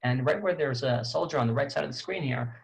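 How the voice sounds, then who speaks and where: A tour guide with a gravelly, creaky voice of ordinary middle pitch tells a story. His speech is halting, with restarts and repeated words, but stays lively and conversational as he retells events animatedly. The audio is poor.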